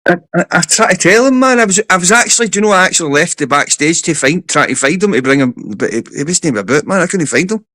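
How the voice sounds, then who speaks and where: A Scottish man hosting a livestream, talking in a sweary, animated way as he tells stories. His voice sits a little higher than most men's. The talk is loose, casual stream chat. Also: quick pace, few pauses, no echo. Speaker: livestream host.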